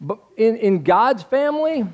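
A male pastor with a fairly high voice delivers a sermon in an easygoing, chatty manner. He talks with the congregation rather than at them, leaving questions hanging for them to answer. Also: very animated, measured pace, darkish tone. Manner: conversational, asks the congregation questions to fill in.

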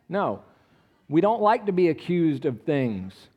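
A man preaching to a congregation in a chatty, questioning way. His voice sits a little on the high side for a man. He drops to quiet asides, then lifts his voice when he reads scripture aloud. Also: sing-song, unhurried, husky. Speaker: pastor. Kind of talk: sermon.

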